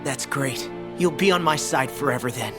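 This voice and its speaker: A man's voice: medium pitch, moderate pace, lightly acted. A man voicing an earnest teenage boy novice mage. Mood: friendly. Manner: plain-spoken and sincere. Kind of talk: anime English dub. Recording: studio dub with music behind.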